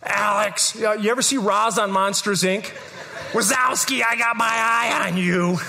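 A man voicing a gruff, miserable, well-off older woman neighbor, with a raspy, blunt and grumpy way of talking. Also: mid-range voice, steady tone, unhurried, sharp tone.

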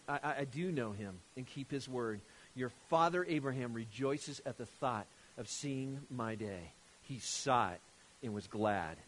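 Brief: a pastor reading a grave, measured figure, lower and softer than his preaching voice. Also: slight background noise, natural voice, rough recording. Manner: slow, measured, solemn. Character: calm, solemn adult man speaking with authority. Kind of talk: reading scripture aloud in a sermon.

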